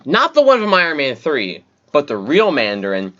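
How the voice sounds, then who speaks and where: A man with a voice on the high side, big pitch swings, and a fairly bright tone co-hosts a casual podcast at normal speed. He chats while reading out movie details from his notes, and the audio is dull and lo-fi.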